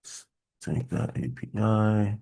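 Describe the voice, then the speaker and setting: A man hosting a casual coding workshop, thinking aloud in a halting way with many fillers and mild exasperation. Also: on the low side, lively intonation, creaky, dark tone. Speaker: workshop host. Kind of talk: casual screen-share coding walkthrough.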